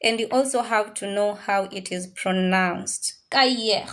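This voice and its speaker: A woman teaching a French class, drilling words slowly and repeating them, now and then mixing in Swahili phrases. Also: medium pitch, fairly bright tone. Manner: slow, repetitive drilling of words. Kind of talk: classroom language lesson.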